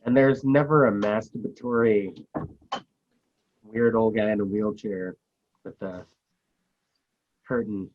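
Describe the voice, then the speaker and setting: A man's voice: lowish voice, fairly even intonation, slow, pauses often. A man hosting a podcast, talking in a hesitant way with many fillers, on a muffled recording. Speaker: host. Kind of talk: casual podcast chat. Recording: dull, muffled line.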